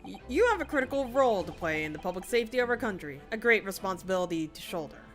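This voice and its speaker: A woman's voice: medium pitch, big pitch swings, fairly bright tone, soft background music. A woman voicing a stern elderly male judge in a video game, reading formal courtroom lines. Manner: formal, measured courtroom pronouncements.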